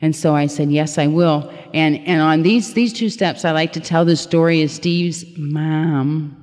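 Middle-aged woman, low-ish voice, candid personal testimony, laughs at herself, reverberant hall sound. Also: fairly even intonation, unhurried, darkish tone. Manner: candid, laughing, self-mocking storytelling. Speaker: recovery meeting speaker.

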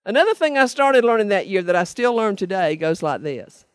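A woman's voice: mid-range voice, very animated, a little fast, no room sound, studio quality. An older woman, giving a personal testimony talk to a meeting in an earnest, emphatic storytelling way. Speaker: speaker sharing her recovery story.

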